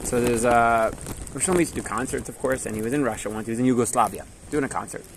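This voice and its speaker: A man's voice: medium pitch, quick pace, gravelly, background noise. A man teaching a Torah class through stories, in a casual manner that checks in with listeners and drops Hebrew and Yiddish words.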